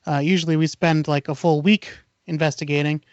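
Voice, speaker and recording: A man's voice: on the high side, fairly quick, no echo, highs cut off. A man hosting a podcast, retelling an urban legend casually with lots of fillers and acted-out dialogue. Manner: animated retelling, acts out dialogue, many fillers. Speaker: podcast host.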